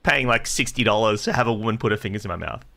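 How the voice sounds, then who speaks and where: A man's voice: fairly low pitch, lively intonation, racing, vocal fry, bright, forceful tone. A man co-hosting a podcast, telling rambling comic stories full of swearing. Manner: swears a lot, rambling storytelling. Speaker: podcast co-host, comedian. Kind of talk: casual comedic chat.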